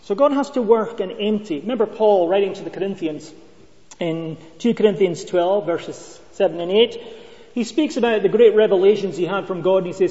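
Guy preaching, high mellow voice, long echo, kinda muffled lo-fi sound. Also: brisk. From Scotland. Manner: storytelling, conversational with rhetorical questions. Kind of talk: sermon. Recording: dull lo-fi sound with long reverb.

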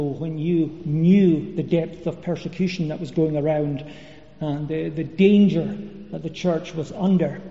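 A man preaching a sermon in a measured, expository way, with occasional fillers. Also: a little high, warm tone. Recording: dull echoey church hall recording.

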